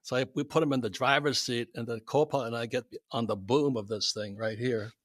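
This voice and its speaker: A man's voice: medium pitch, brisk, no echo, studio quality. An older man, a guest, telling a story with lots of animation and laughing at himself. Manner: lively anecdote teller, laughs at his own stories.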